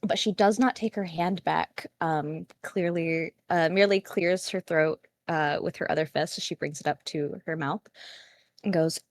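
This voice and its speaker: A woman's voice: on the low side, normal speed, no room sound. Chatty woman narrating her character. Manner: chatty, loose, full of fillers. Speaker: tabletop game player.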